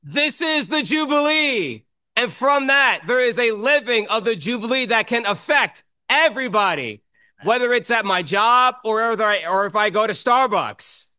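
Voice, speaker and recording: A man's voice: very high-pitched, animated, a little slow, sharp tone, smooth, dry recording. A man sharing a reflective, prayerful testimony at a church meeting.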